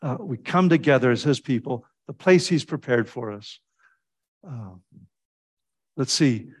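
A man preaches a sermon with a mid-range voice, talking in a loose, conversational way. He leaps upward in pitch when he acts out what people said, then drops back low and soft. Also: measured pace, slightly rough. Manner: animated storytelling with sudden pitch jumps when quoting; fillers and restarts, conversational preaching.

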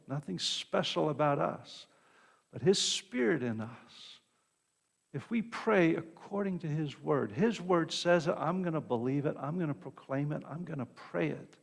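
Male preacher, casual storytelling sermon, everyday mid pitch, long hall reverb, tosses in quick asides. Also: gravelly. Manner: conversational, asides with "right?", occasional restarts. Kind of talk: sermon retelling a Bible story.

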